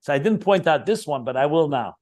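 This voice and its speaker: A man's voice: fairly high pitch, expressive, fairly quick, darkish tone. A man teaching a Chassidic text, explaining it line by line, repeating key terms and adding enthusiastic asides. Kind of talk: Talmudic-style text study lesson.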